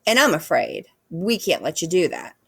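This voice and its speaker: A woman's voice: fairly low pitch, big pitch swings, moderate pace, creaky, breathy edge, no echo, clean studio sound, full character voice. A woman voicing a bossy, sarcastic young female bear who snarls her threats.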